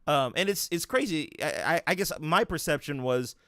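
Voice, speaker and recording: A man's voice: on the high side, lively intonation, normal speed, bright, forceful tone, dry recording, clean studio sound. A young man hosting an interview, talking in a rambling casual way with many restarts and fillers. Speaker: podcast host interviewing a guest.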